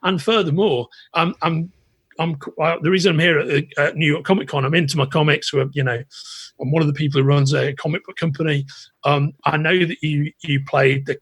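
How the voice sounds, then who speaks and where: A British man hosting a podcast, telling a long anecdote in an animated way with lots of restarts. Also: a little high, fairly quick, slightly rough, no echo. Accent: British English. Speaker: podcast host. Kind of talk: casual storytelling chat.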